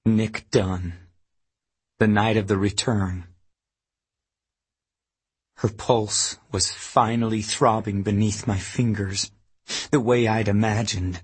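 A man narrating a first-person audiobook in a grim, measured manner. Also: on the low side, steady tone, slightly rough.

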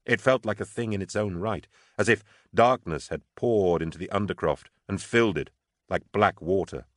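A man reading a tense military novel aloud in a measured, low-key audiobook narration. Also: dry recording, studio quality.

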